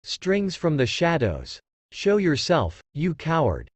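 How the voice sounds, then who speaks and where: A man's voice: on the high side, huge pitch swings, slow pace, dry recording, heavily acted. A man voicing an arrogant, all-powerful male demon lord who talks scornfully and boastfully.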